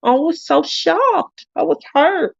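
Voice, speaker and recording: A woman with a high voice tells a story casually to her craft channel viewers, acting out each line of dialogue with sudden jumps in pitch. She laughs often and sounds animated throughout. The recording is close and dry, with slightly muffled, lo-fi sound. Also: takes it slowly, gravelly, no room sound.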